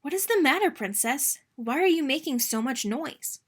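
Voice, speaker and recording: A woman voicing a small, ugly male frog in a read-aloud storybook, asking and pleading in a high voice. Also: lively intonation, moderate pace, fairly bright tone.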